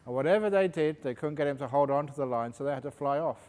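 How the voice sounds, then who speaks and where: A man, a meditation teacher, answering questions at a retreat in a jokey, animated storytelling manner. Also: on the high side, fast talker. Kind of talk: retreat Q&A talk. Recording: reverberant hall.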